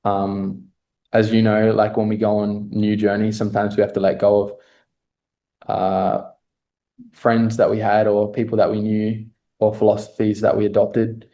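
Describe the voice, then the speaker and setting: Brief: male fitness coach guest, low mellow voice, earnest, reflective, lots of ums. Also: monotone, measured pace. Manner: reflective and earnest, many fillers. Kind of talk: podcast interview storytelling.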